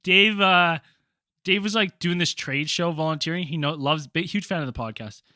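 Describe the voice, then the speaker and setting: Bright-voiced man telling a rambling story. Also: a little high, normal speed, dry recording, clean studio sound. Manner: rambling, laughs often, heavy "like" fillers. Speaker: podcast host. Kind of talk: casual storytelling chat.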